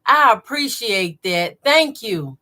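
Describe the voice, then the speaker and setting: A woman with a Southern accent hosts a live quilting stream, greeting each viewer by name and reading their comments aloud. She talks slowly and easily, with a bright, clear tone. She keeps saying y'all. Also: fairly high pitch, expressive. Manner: says y'all a lot. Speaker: quilting channel host. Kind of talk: live stream chat while sewing.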